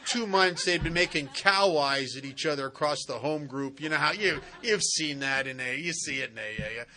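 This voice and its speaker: A man speaking at a recovery retreat, telling funny stories in an animated, joking way with slangy asides. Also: fairly high pitch, moderate pace. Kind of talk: humorous storytelling talk. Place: retreat center meeting.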